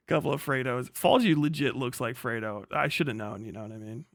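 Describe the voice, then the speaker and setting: Brief: young male streamer, swearing rant, dry close sound, mid pitch. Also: moderate pace, dry recording. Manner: profane, laughing, animated storytelling. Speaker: streamer host. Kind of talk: casual reaction rant.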